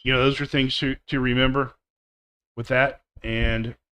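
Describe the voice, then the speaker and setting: A man teaching pronunciation in a live online class, drilling words one by one and repeating them slowly and deliberately. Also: mid-range voice, flat delivery, fairly bright tone, smooth. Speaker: English teacher.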